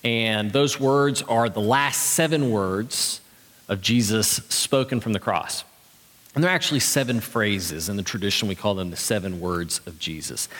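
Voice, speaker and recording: A pastor delivering a sermon in a church, earnest and conversational with light humor. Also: male voice, fairly low pitch, normal speed, a bit bright. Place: church sanctuary. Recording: long reverb of a large hall.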